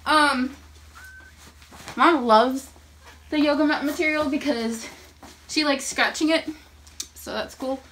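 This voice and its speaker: A woman's voice: high-pitched, steady tone, slow pace, long pauses, fairly bright tone, a little hiss or hum. A woman chatting casually in a vlog, a little out of breath, cooing to kittens in a sing-song voice between her explanations. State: slightly out of breath. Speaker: kitten foster volunteer. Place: at home with kittens.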